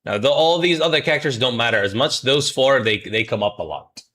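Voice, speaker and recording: Bright-voiced man, jokey streaming lesson. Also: medium pitch, lively intonation, fairly quick. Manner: jokey, mock-scolds chat, drills pronunciation. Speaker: streamer teaching Japanese. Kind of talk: playful livestream lesson.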